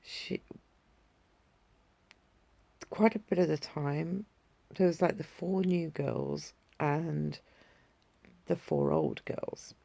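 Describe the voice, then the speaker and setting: A woman's voice: sits low, fairly even intonation, extremely slow, creaky, long pauses, mellow, no room sound. A woman vlogger telling a casual story, rambling with many fillers and self-corrections.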